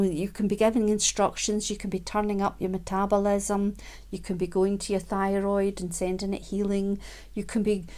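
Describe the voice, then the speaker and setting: A woman giving a gentle, unhurried self-help talk, with frequent ums and quiet laughs. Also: medium pitch.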